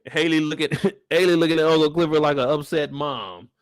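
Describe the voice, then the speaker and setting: A fairly high-voiced man from Kansas City hosts a live after-show, reacting to the episode in loose, profane commentary. He laughs easily and keeps building into loud, worked-up rants at the characters. The sound is dry and close, with no room echo. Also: steady tone, brisk. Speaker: show host.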